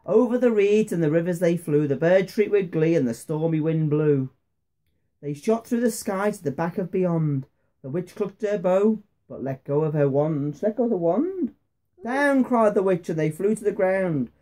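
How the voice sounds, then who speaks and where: A father reads a rhyming bedtime story to his son in a soft, mellow voice. He keeps a bouncing rhythm and slows down for the suspenseful moments. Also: high-pitched, expressive.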